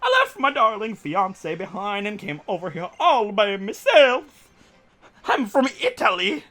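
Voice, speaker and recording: A man doing a high, hammy fake-accent game trainer lady. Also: wildly swooping pitch, unhurried, bright, forceful tone, exaggerated voice. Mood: playful.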